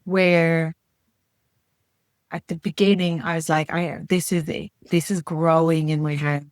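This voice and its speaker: A middle-aged woman telling her story as a podcast guest, frank and earnest, with blunt language and quick restarts. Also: deep voice, flat delivery, no room sound, clean studio sound. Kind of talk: candid conversational storytelling.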